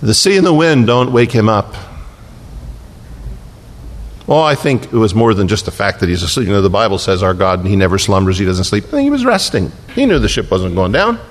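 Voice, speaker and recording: A man's voice: deep voice, sing-song, fast, few pauses. A man preaching a sermon as pastor, telling the story with humor and acting out the voices of the people in it.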